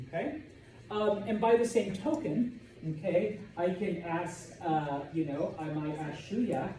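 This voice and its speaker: A man teaching a Spanish class, lecturing in a lively way and often checking in with "okay?". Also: fairly high pitch, noisy background. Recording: echoey classroom from far off.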